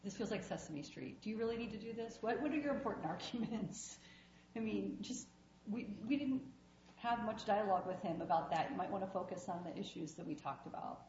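A woman's voice: medium pitch, animated, a little fast, a little mellow. Wry woman judge in an echoey courtroom. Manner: blunt, wry, conversational. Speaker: appellate judge. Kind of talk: questioning from the bench. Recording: roomy, dull courtroom audio with faint noise.

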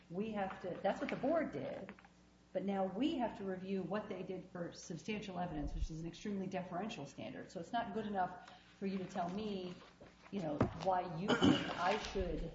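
A woman appellate judge questioning an attorney from the bench, direct and pointed. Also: on the low side. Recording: dull echoey courtroom audio, faint noise.

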